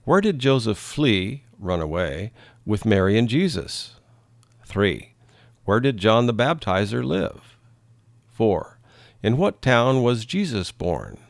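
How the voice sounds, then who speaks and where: A man reading English lesson questions aloud slowly and clearly for learners. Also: lowish voice, big pitch swings, dry recording, studio quality.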